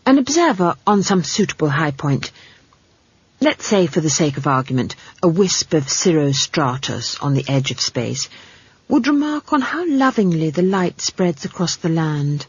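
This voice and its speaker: A woman reading a comic fantasy novel aloud, her voice husky and lower-pitched, rising and falling with lively swings. The sound is dry and close, a bit dull and lo-fi. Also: moderate pace, no room sound. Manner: wry, expressive storytelling with comic asides. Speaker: audiobook narrator. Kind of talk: scripted storybook narration.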